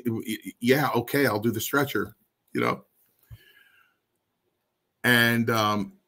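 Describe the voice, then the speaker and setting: A man telling stories from his wrestling career in an interview, animated and blunt, with salty language. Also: fairly low pitch. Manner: animated, acts out the people in his story. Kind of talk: casual anecdotal storytelling.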